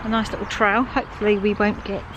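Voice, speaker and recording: A woman's voice: medium pitch, flat delivery, fast talker, muffled recording, very noisy. A woman filming a casual vlog on a countryside trail, chatting and reading facts aloud with small slips, a bit out of breath from walking. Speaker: vlogger.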